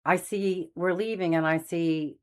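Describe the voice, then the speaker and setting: A woman's voice: fairly low pitch, steady tone, a little slow, clear, resonant tone. A middle-aged woman hosting her own channel, earnestly telling a personal faith story in a rambling, casual way with many fillers and restarts. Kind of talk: casual testimony monologue.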